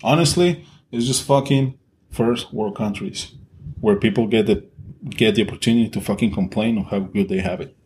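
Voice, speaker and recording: A man's voice: on the low side, moderate pace, darkish tone, a little hiss or hum. A man co-hosting a podcast in casual chat, talking bluntly and swearing freely as he pushes strong opinions. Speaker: podcast co-host.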